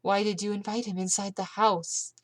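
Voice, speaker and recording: Casting: a spirited, scared woman with a French accent, quick and scornful, read by a woman in a storybook. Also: mid-range voice, flat delivery, dry recording, lightly acted. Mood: urgent. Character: frightened woman from France, spirited and blunt.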